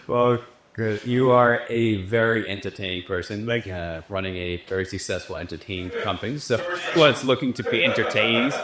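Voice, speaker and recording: A man's voice: fairly low pitch, moderate pace, a bit bright. A man co-hosting a podcast, chatting casually and asking the guest questions. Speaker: podcast co-host. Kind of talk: casual interview. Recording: roomy echo, faint background noise.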